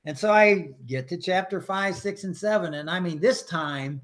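A man's voice: high voice, normal speed, fairly bright tone. An older man sharing his personal faith story in a podcast interview, earnest and emotional, acting out his prayers.

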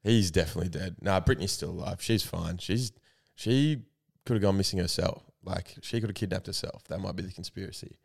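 A man's voice: low-pitched, brisk, gravelly. A young man co-hosting a podcast, bantering casually, teasing his friend, laughing often and swearing freely. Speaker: podcast co-host.

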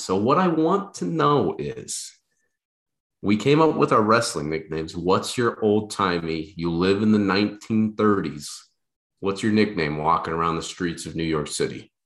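A man's voice: on the low side, expressive, normal speed. A young man co-hosting a podcast, talking in a casual, rambling, self-deprecating way with lots of restarts. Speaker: podcast co-host. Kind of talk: casual chat.

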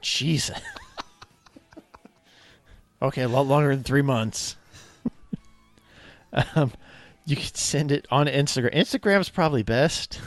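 A man's voice: medium pitch, slow pace, long pauses, dry recording. A man in his thirties, a police officer co-hosting a podcast, chatting casually and acting out quotes. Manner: animated storyteller, acts out quotes.

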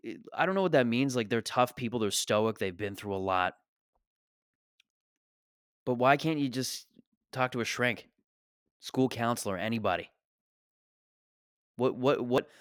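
A young man doing a profane, self-deprecating stand-up rant, exasperated and quick to mock himself. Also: lowish voice, fairly bright tone, no room sound, clean studio sound. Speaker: stand-up comedian.

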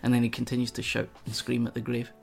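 A man's voice: mid-range voice, monotone, fast, gravelly, faint music behind. A Scottish man, a guest on a podcast, chatting casually and rambling off on tangents. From Scotland. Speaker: guest streamer.

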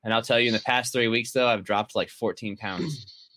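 Bright-voiced rambling podcast man. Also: medium pitch, steady tone, normal speed. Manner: rambling with many fillers and restarts. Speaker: podcast co-host. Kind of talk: casual chat.

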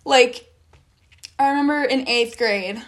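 This young woman vlogs a loose, rambling storytime aimed right at her viewers. She speaks slowly in a slightly high voice, linking ideas with endless "like"s and offhand curses.

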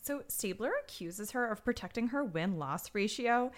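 Lively, sarcastic woman podcast co-host. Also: medium pitch. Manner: sarcastic, quick quips. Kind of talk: casual recap chat.

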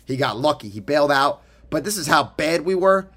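A man's voice: a little high, animated, fairly quick, fairly bright tone. A young man in college co-hosting a podcast, telling a story in casual chat, teasing and swearing freely. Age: young adult. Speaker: podcast co-host.

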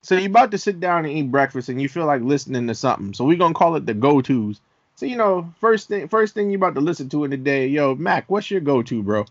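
Man, podcast host, higher pitch, slangy and playful, dry muffled recording. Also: animated, quick pace, no echo. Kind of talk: casual chat.

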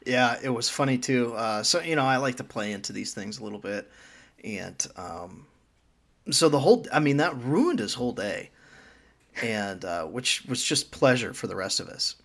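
A man's voice: medium pitch, animated, moderate pace, vocal fry, fairly bright tone. A man co-hosting a casual podcast, telling work stories with a joking, laughing manner and casual swearing. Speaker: podcast co-host. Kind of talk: casual chat.

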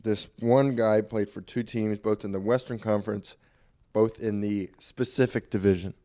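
A young man co-hosting a sports podcast in casual chat, laid-back with deadpan comebacks. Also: lowish voice, moderate pace. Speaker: podcast co-host.

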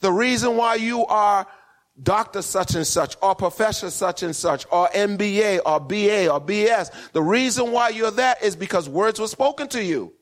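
A man's voice: sits high, normal speed. A man preaching a sermon in a call-and-response style, building to emphatic peaks and checking in with his congregation. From West Indian parents. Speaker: pastor.

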